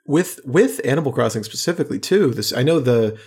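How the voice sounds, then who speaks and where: A man's voice: medium pitch, expressive, brisk, a little mellow, slightly rough. A man hosting a podcast from his studio, rambling and teasing in casual chat with lots of fillers. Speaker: podcast host. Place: their own studio.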